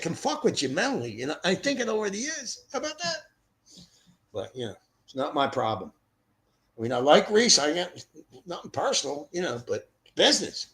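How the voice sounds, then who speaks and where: The livestream host, an older Philadelphia man, chats in a blunt, profane, meandering way through his streaming setup mic. He has a high-pitched voice with a fairly bright tone.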